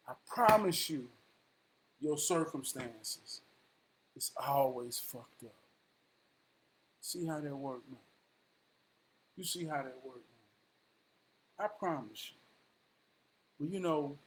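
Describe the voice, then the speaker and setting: Man, high voice, loose motivational vlog ramble, drawling. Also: expressive, measured pace, pauses often, slight background noise. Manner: drawling, calls listener "man" often. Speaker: vlogger.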